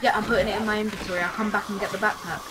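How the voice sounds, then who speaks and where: A man's voice: sits high, flat delivery, very fast, a crowd in the background. A young man chatting casually and joking while playing a game with friends. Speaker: gamer. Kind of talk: casual gameplay chat. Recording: noisy recording.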